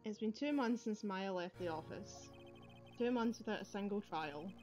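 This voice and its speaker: A woman voicing a weary young male defense attorney in a game, reading his lines in a flat, slightly lowered voice over faint game music. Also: moderate pace, highs cut off, lightly acted. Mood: dry.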